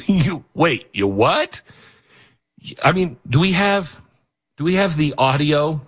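Husky man with lively mocking delivery. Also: on the high side, slow. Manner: lively, mocking, laughs at own jokes. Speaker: show host. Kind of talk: casual commentary show.

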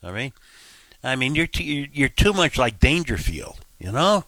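Male radio host, rambling, lots of fillers and asides, dry studio sound, mid pitch. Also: very animated, normal speed, a bit bright, dry recording. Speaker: radio talk show host. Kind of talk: casual talk radio.

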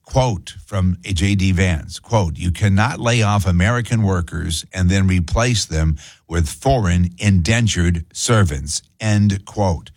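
A man's voice: deep voice, slow pace, darkish tone, dry recording, studio quality. A man hosting a talk radio show, speaking emphatically with rhetorical questions.

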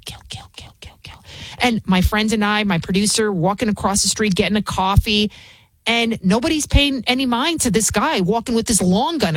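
In a dry recording, a woman with a medium-pitched voice fills in as a talk radio host. She delivers an opinionated rant, combative and mocking, with frequent restarts.

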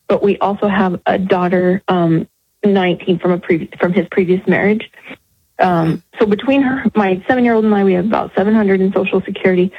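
A woman's voice: medium pitch, husky, dry recording. Emotional woman caller on a phone line. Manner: emotional, halting, with many restarts. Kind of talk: radio call-in.

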